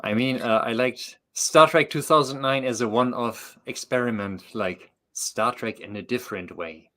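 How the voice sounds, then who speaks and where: A man with a German accent chatting casually as a remote guest, halting with many fillers and dry humor. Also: medium pitch, fairly bright tone. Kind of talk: casual chat.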